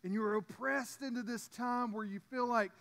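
A high-pitched man, a pastor giving a sermon. He preaches conversationally, stumbling into restarts and stepping aside to talk straight to his congregation. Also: fairly even intonation, normal speed, a bit bright.

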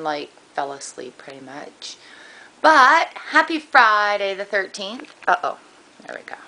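A woman's voice: medium pitch, fairly bright tone, low-quality recording. A woman chatting casually in a home vlog, bubbly and giggly. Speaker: vlogger.

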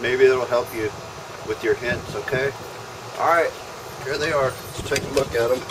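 This backyard barbecue vlogger jokes folksily with his audience and talks to the food while cooking outdoors at his smoker. He has a medium-pitched voice at normal speed, and the background is noisy.

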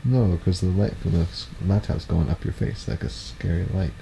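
A young man with a very deep voice chats to his vlog audience late at night, relaxed and joking. He talks loosely and easily, with a faint hiss underneath. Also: brisk, gravelly. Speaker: vlogger. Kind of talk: casual chat.

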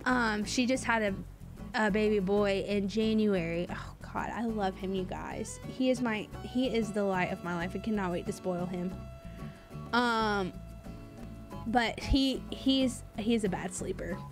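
A woman's voice: mid-range voice, unhurried, music in the background. A woman game streamer in casual live-stream chat, bubbly and gushing as she thanks viewers by name.

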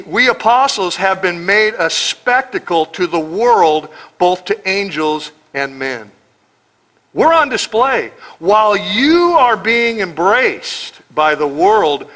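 Emphatic, sarcastic American pastor, bright voice. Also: male voice, high-pitched, low-quality recording. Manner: sarcastic, emphatic, rhetorical questions. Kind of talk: expository sermon.

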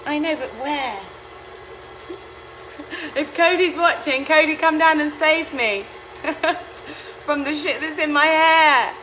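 High bright-voiced woman cooking, giggly. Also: takes it slowly, pauses often, slight background noise. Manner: chaotic, giggly, swears freely, chats to viewers by name. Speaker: home cooking vlog host. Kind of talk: casual chat to live viewers while cooking. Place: home kitchen.

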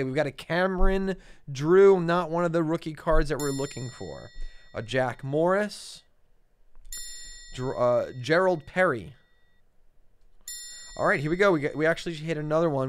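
A man co-hosting a card-collecting show, chatting casually and naming cards as he opens packs. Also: a little high. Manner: easygoing, lots of fillers, names cards aloud. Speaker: co-host opening card packs. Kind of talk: casual chat.

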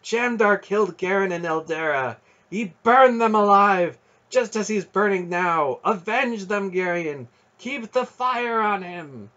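A man's voice: high voice, lively intonation, unhurried, dull audio, pitched above the performer's own voice, exaggerated voice. A man doing a stern sorceress aunt. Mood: fierce urging. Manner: sharp, urgent commands.

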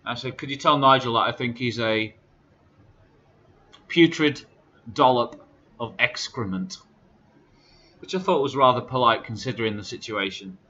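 A man's voice: medium pitch, quick pace, hardly any pauses, bright, forceful tone, dull audio. A man giving a casual vlog update, aggrieved as he recounts phone calls with indignant quotes. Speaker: charity runner.

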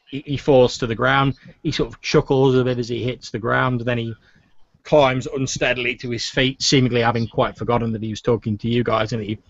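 A man's voice: mid-range voice, fairly quick, gravelly, no room sound. Man narrating a tabletop game, lo-fi. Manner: relaxed, hesitant storytelling with many fillers. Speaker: game master. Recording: dull lo-fi recording.

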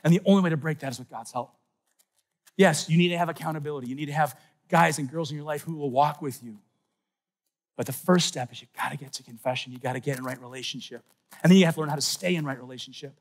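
A middle-aged man giving an animated faith talk at a youth conference, telling stories with sudden shouts and soft asides. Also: fairly high pitch, fast. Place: large conference hall.

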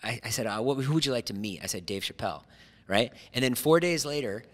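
A man's voice: mid-range voice, animated, quick pace, a bit bright, long reverb tail. A man in his forties hosting a podcast in a studio, telling rambling stories and laughing often. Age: 40s. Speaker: podcast host. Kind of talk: casual chat.

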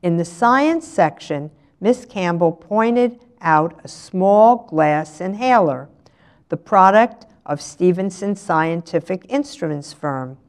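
An older woman reads a novel aloud at a slow, measured pace. Her voice sits fairly low. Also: animated. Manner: measured, unhurried. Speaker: resident reader.

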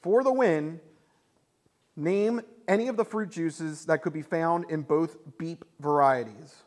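A man hosting a charity game show stream, upbeat and quick to laugh. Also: fairly high pitch.

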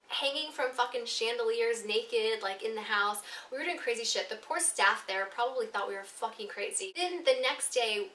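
A woman telling an animated storytime vlog, swearing often and laughing between lines. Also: fairly high pitch, reverberant, far from the mic. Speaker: vlogger.

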